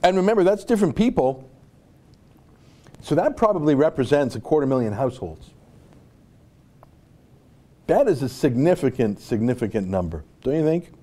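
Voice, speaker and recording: A man's voice: medium pitch, sing-song, moderate pace, pauses often, mellow. A man from North America hosting an online show, giving rambling, sarcastic casual commentary with many asides.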